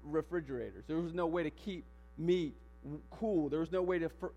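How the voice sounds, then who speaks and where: A man preaching a sermon in a church, animated, firing rhetorical questions and building to emphatic declarations. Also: fairly high pitch, a little fast, dull audio. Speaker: pastor. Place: church sanctuary. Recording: long hall reverb with mains hum.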